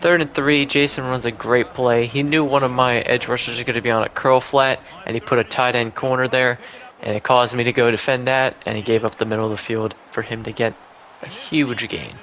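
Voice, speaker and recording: A man's voice: mid-range voice, fairly even intonation, fairly quick, fairly bright tone. A young man giving casual, self-deprecating play-by-play commentary over his football video game match. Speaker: gaming YouTuber.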